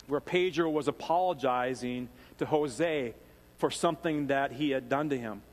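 A man from Minnesota with a Minnesotan accent, preaching a sermon in a conversational, animated storytelling way with frequent fillers and restarts. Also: on the high side. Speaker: pastor. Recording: long reverb of a large hall.

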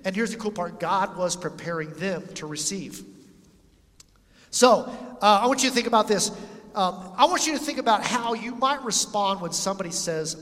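A man's voice: high-pitched, animated, moderate pace, fairly bright tone. A man preaching a sermon in a conversational way, reading scripture and acting out quotes. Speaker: pastor. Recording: long hall reverb.

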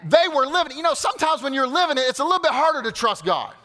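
High bright-voiced preacher in a hall. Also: male voice, rapid-fire. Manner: animated, conversational preaching with asides to the congregation. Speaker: pastor. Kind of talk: sermon.

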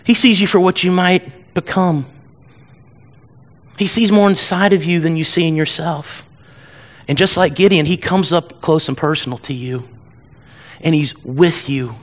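A middle-aged man preaches a sermon to a church. His voice sits fairly high, and he keeps it animated and humorous, slipping into whiny voices to act out scenes. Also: unhurried, pauses often. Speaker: pastor.

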